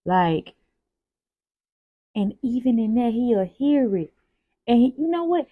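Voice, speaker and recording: A young woman speaking, hosting a casual spoken devotional with animated, repetitive, preacher-like emphasis and rhetorical questions. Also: a little high, slow pace, no echo, narrow, tinny audio. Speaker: host journaling aloud on faith.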